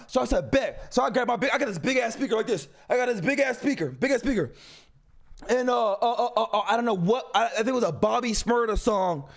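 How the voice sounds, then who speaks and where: A young man streaming, telling a loose, profane story in an animated way, with shouted bursts. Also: very high voice, quick pace, creaky.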